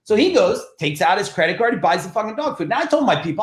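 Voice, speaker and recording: A middle-aged man from New Jersey with a New Jersey accent, a podcast guest telling business stories in a blunt, profane, animated way. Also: sits high, fast, few pauses, echoey room. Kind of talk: casual podcast storytelling.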